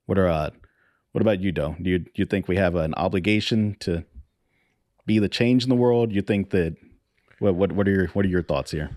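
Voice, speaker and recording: A man's voice: sits low, fairly quick, a little mellow, no room sound, studio quality. A man hosting a casual podcast discussion, easygoing and putting questions to his co-hosts. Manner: easygoing, asks the others questions. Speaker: podcast host leading the discussion.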